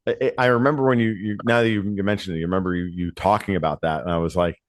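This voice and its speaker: A man hosting a podcast, talking in a rambling, animated way that keeps circling back on itself. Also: sits low, fast talker, dry recording, clean studio sound. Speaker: podcast host. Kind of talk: casual podcast conversation.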